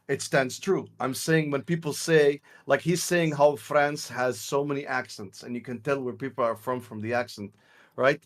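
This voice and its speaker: Insistent man arguing on stream. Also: mid-range voice. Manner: insistent, argumentative, talks over others. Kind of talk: casual chat among friends on a live stream.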